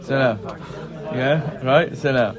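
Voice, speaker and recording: A Talmud teacher leads a text study class, reading short passages aloud and explaining them in casual English while constantly checking with students, "right? yeah?" His mid-range voice moves slowly, the highs are cut off, and group chatter can be heard in the room.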